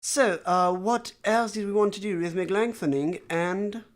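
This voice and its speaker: Speaking a little slowly at medium pitch, the conlang streamer works on an invented language live. The talk is casual livestream chatter aimed at viewers, dryly self-deprecating and heavy with fillers as they think aloud.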